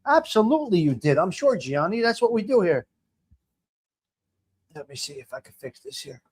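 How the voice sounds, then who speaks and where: Man in his fifties, high voice, casual live-stream host, rambling chat, greets viewers by name. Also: very animated, normal speed, husky. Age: 50s. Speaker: livestream host. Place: home.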